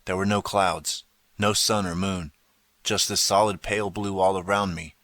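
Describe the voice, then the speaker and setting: Man, audiobook narrator, low voice, bright tone, dry close recording, dramatic reading. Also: steady tone, moderate pace, no echo. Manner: dramatic storytelling, turns pleading for the boy's lines. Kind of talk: scripted first-person narration.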